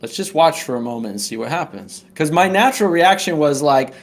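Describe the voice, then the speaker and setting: This man's voice sits a little high and moves a bit fast, with plenty of expression. Appearing as a guest on a podcast, he tells a personal story in an earnest, casual way and keeps punctuating it with "right?"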